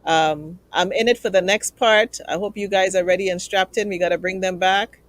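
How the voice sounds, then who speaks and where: A woman's voice: medium pitch, steady tone, normal speed, no echo. A woman hosting a live talk show, earnest and emotional as she thanks guests and pleads with viewers.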